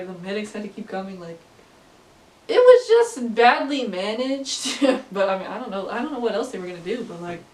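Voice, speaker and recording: Casting: teen girl vlogger, slightly high voice, rambling and giggly, recorded far from the mic in a roomy space. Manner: rambling, many fillers, laughs often. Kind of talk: casual storytelling to camera. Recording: echoey room, distant from mic.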